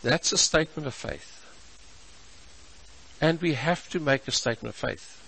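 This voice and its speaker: A man preaching a sermon as pastor, measured and emphatic, stretching out his key words. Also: a little high, vocal fry, bright, forceful tone, breathy edge, rough recording. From South Africa.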